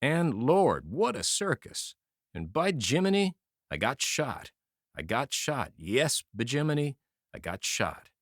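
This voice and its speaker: A man voicing a tall wounded soldier who speaks in a monotonous, bewildered way. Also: high-pitched, normal speed, no room sound, studio quality, voice pushed up, full character voice. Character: tall wounded male soldier, dazed and frightened.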